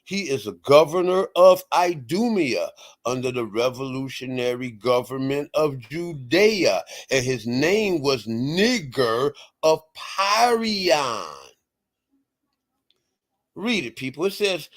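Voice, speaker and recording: Animated, emphatic man with a lively voice. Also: medium pitch, slow pace. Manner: emphatic, repeats "right?" and "people", rising to loud outbursts. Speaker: online show host. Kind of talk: heated casual commentary reading from screen.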